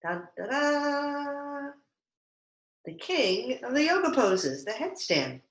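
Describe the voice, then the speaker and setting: A woman's voice: high voice, big pitch swings, slow pace, echoey room, a little hiss or hum. A woman teaching yoga to children over a video call, playfully coaching them through a picture-book story. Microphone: video call mic.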